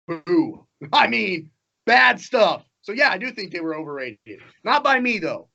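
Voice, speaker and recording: A man with a high, bright voice chats about football as a podcast co-host, quick and laughing, often repeating his point. The recording sounds muffled and lo-fi. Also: very animated. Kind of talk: casual sports chat. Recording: dull lo-fi sound.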